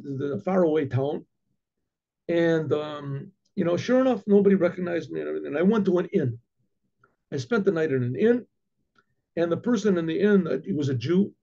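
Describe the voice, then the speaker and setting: A man, a rabbi, telling a story in an animated way, acting out the dialogue with many restarts and asides. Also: on the high side, creaky, breathy edge. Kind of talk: storytelling talk. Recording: dull lo-fi recording.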